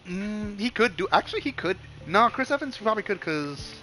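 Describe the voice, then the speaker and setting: A man's voice: high voice, big pitch swings, fairly quick, bright, forceful tone. A young man streaming a game, chatting casually in a rambling, profane way, full of stop-start restarts.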